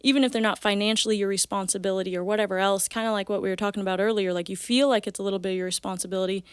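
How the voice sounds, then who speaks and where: A young woman in her twenties talks fast and openly as a podcast guest, breaking into laughter now and then. Her voice is crisp and clean, recorded dry and close with no room sound. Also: mid-range voice, fairly even intonation, no room sound. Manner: quick, candid and chatty, laughs often. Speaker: guest, professional fighter. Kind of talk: casual interview conversation.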